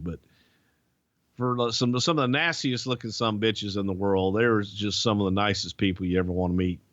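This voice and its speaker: Bright-voiced man telling stories. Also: medium pitch, dry recording, muffled recording. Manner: loose, profane, animated storyteller. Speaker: podcast host. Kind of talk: casual storytelling chat.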